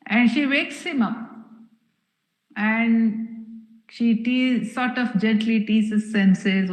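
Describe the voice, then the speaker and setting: A woman giving a satsang discourse as a spiritual teacher, telling stories in a slow, measured way with pauses. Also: a little high. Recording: echoey room.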